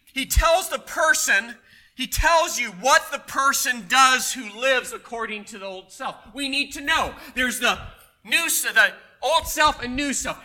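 Pastor guy preaching, really high bright voice, punchy and storytelling. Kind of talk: sermon.

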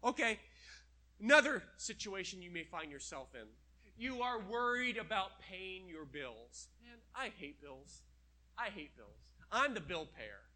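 A middle-aged male preacher with a notably high, brilliantly bright voice. He delivers his sermon with emphatic, animated energy, stretching out scripture passages for weight. The tone stays lively and direct throughout. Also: measured pace.

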